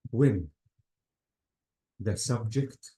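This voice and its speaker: Slow, mellow-voiced man teaching grammar. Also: on the low side. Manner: repeats words, says "guys" often. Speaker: English teacher. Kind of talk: classroom grammar lecture. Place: classroom. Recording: roomy classroom echo.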